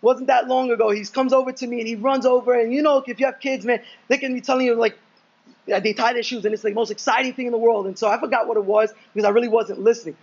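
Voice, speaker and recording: High-voiced man preaching casually. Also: steady tone, fast talker, lo-fi sound. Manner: conversational, storytelling with asides and repeated "man". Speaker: pastor. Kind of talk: sermon.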